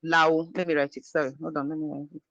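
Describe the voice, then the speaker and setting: A teacher from Nigeria giving an online language lesson over a video call, patiently repeating each word slowly. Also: medium pitch, level tone, fairly bright tone, no echo, dull audio.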